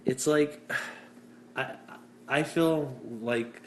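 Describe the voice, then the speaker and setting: A man's voice: on the high side, drawn-out words. Cynical young man hosting a podcast. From Canada. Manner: cynical, self-deprecating, rambling with fillers. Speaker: podcast host. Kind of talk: casual chat. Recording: echoey room, faint hiss.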